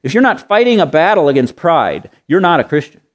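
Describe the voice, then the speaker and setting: A man's voice: a little high, very animated, a little fast. Earnest male preacher asking rhetorical questions. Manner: earnest, rhetorical questions, repeats phrases for emphasis. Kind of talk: sermon.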